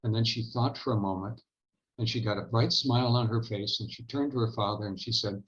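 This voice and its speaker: A man with a fairly low voice delivers a conference keynote as an unhurried, reflective story. He pauses and hesitates often as he recalls the details. The recording sounds dull and lo-fi. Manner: measured, reflective, halting storytelling. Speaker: keynote speaker.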